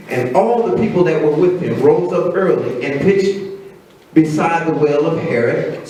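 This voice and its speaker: A high-pitched man preaches in a relaxed, storytelling way, switching into a gruff low voice for the people he quotes. He sounds a little distant from the microphone. The church around him rings with heavy echo, and faint room noise sits underneath. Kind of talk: sermon.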